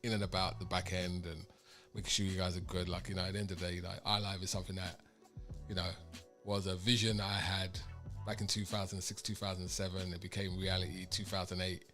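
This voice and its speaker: A man's voice: low-pitched, flat delivery, brisk, a bit bright, soft background music. A man hosting a casual radio chat, rambling with lots of fillers. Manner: rambling, full of "you know" fillers. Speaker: radio network founder and host.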